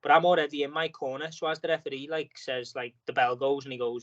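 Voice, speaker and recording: A man's voice: mid-range voice, level tone, fast talker, fairly bright tone, highs cut off. A man, a boxer appearing as a guest, talking casually on a podcast and telling a long story packed with fillers and restarts. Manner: rambling storytelling with many fillers.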